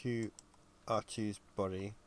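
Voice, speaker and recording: A tired man chatting casually on a livestream while he works on 3D animation, thinking aloud with frequent pauses and ums. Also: on the low side, level tone, a little hiss or hum. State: tired and yawning. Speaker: 3D animator livestreaming his work.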